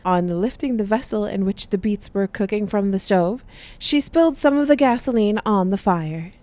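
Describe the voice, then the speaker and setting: A woman narrating a Western space audio drama in a measured announcer delivery. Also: medium pitch, warm tone. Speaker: narrator and newsreader. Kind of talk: scripted radio-drama narration.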